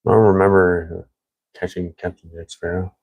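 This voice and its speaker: Deep-voiced young man, casual rambling. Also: flat delivery, normal speed, darkish tone, dry recording. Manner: rambling, many fillers. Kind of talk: casual chat.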